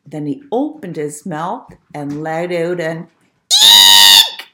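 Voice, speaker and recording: A woman reading a rhyming storybook aloud in an expressive, playful way. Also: sits low, takes it slowly, noisy background.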